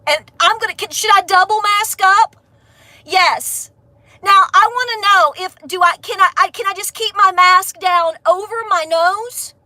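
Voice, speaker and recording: Sarcastic whiny hater, Appalachian twang, high and bright, as a woman sends up a critic. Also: measured pace, no room sound, exaggerated voice. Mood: mocking whine. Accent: Southern Appalachian. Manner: sarcastic whining mockery. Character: whiny mocking online hater, self-pitying adult.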